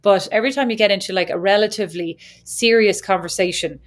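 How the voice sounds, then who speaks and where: A woman's voice: mid-range voice, fast talker. Chatty woman podcast co-host. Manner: chatty, laughs often, acts out kids' voices. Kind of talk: casual chat.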